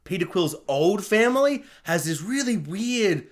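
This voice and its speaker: A film reviewer talking through a movie in a casual, chatty way, full of asides and fillers, now and then acting out characters in quick mock voices. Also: medium pitch, big pitch swings.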